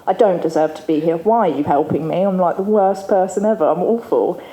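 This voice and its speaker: A woman's voice: on the low side, a little fast, mellow. Candid woman in an echoey hall. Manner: candid and chatty, laughing often. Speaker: former resident giving a recovery testimony. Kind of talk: personal testimony speech to an audience. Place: event hall with an audience. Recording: echoey hall, faint room ambience.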